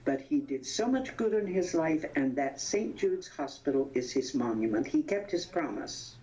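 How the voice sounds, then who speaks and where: Older woman in her 80s, low voice, animated anecdotes, muffled lo-fi sound. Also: moderate pace. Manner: animated storyteller, laughs often, searches for names. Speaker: interview guest, veteran actress. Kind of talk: anecdotal reminiscing. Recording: dull lo-fi sound.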